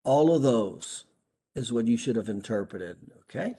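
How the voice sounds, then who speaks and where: Emphatic male practice coach, slightly husky, drilling a point home. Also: mid-range voice, lively intonation, normal speed, warm tone. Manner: emphatic, asks rhetorical questions. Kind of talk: training session critique.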